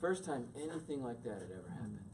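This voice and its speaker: A man's voice: medium pitch, fast. A man giving a storytelling talk to an audience, acting out the voices in his stories. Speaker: speaker. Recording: distant mic with steady noise.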